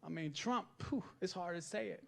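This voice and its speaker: A man's voice: sits high, normal speed, vocal fry, fairly bright tone. A man doing a stand-up comedy set on stage, chatting and checking in with the crowd for agreement. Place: stage at a live comedy event.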